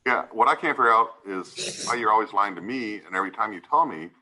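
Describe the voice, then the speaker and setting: A man's voice: fairly low pitch, expressive, fast talker, pushed and bright, low-quality recording. A man serving as judge, giving a stern courtroom lecture and repeatedly asking "right?" to press his point.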